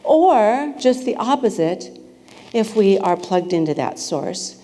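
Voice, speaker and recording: Her voice is medium in pitch and dark in tone, very animated yet unhurried, as this woman minister gives a playful, conversational sermon. She poses questions to the congregation gathered in a spiritual center sanctuary, and the hall reverberates.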